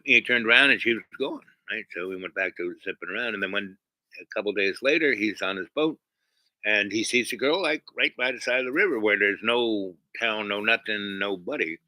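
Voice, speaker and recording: A man with a low, very bright and sharp voice, recorded dry and close. He rambles through a casual story on his own channel. He halts often and restarts his sentences, full of ums. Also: no room sound, poor audio. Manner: halting, many fillers and restarts. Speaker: channel host.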